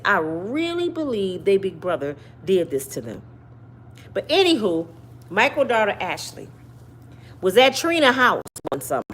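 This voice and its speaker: Animated woman with a lively pitch. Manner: animated, talks to viewers directly, repeats and hedges with "allegedly". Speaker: commentary channel host. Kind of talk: casual commentary monologue.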